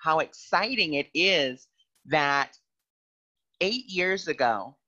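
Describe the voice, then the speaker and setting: A man who is a guest on a spiritual podcast, telling stories in an animated way and acting out voices. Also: fairly high pitch, slow, highs cut off. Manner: animated storyteller who acts out quoted voices. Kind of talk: casual podcast conversation.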